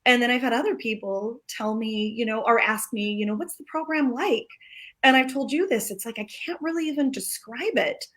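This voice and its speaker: A woman in her forties from California, with a fairly high voice, joins a live interview as the guest. She answers in short, modest, somewhat hesitant bursts. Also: normal speed, fairly bright tone. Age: 40s.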